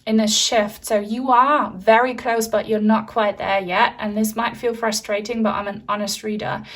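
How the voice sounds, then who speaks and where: A woman's voice: mid-range voice, distant mic. Chatty woman reading tarot, mic set back. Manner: chatty, reassuring, frequent fillers. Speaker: tarot reader. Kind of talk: pick-a-card tarot reading.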